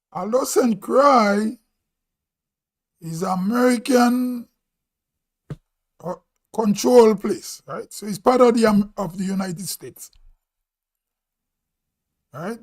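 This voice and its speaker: Slow-talking Grenadian man, high voice. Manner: slow, musing, thinking aloud. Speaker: vlog host. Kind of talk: casual live-stream talk.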